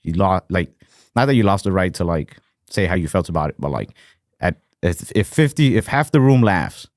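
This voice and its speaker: Low-pitched man, podcast co-host, rambling casual chat, dry close sound. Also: expressive, moderate pace, no room sound. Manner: rambling, heavy on fillers and swearing.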